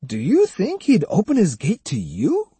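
A man voicing a sly, teasing woman of the night in an audiobook, mocking and coaxing in a high, sing-song voice. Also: huge pitch swings, a little slow, warm tone, husky, no room sound, full character voice. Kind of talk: audiobook character voice.

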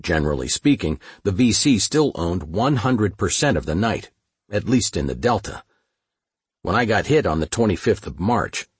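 Male narrator, deep husky voice, lively intonation, dry close sound; reads a war memoir plainly. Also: no room sound. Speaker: audiobook narrator. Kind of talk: first-person memoir narration.

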